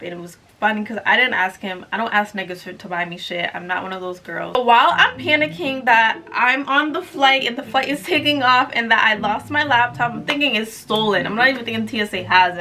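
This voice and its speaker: A young woman telling a storytime vlog in an animated, sassy way with mocking asides. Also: medium pitch, a little hiss or hum. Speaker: YouTuber.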